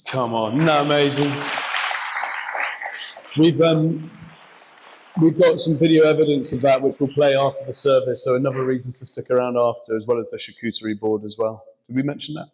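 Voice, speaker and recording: A man's voice: mid-range voice, steady tone, fairly quick, a little mellow, slight background noise, poor audio. A man hosting a casual onstage church interview, asking questions in a chatty way with a lot of hesitant restarts.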